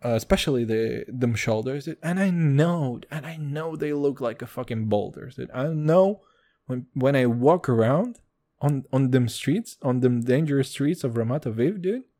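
A man hosting a solo podcast, rambling in a profane, jokey, self-mocking way and swinging between loud and quiet. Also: mid-range voice, lively intonation, moderate pace. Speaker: podcast host.

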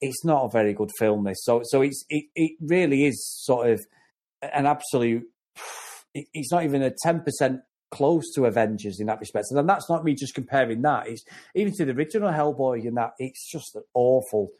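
A man from North West England talks through a film review in casual podcast chat. He is blunt and animated, often stumbling over the start of a sentence before pushing on. His voice sits in a middle pitch. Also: a little fast. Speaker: podcast co-host.

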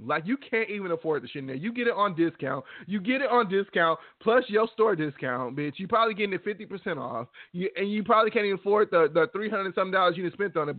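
A man co-hosts a casual podcast, ranting bluntly and swearing constantly. His voice is on the higher side for a man. The sound is dry and narrow, like a phone call. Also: dry recording. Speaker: podcast co-host. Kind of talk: casual chat.

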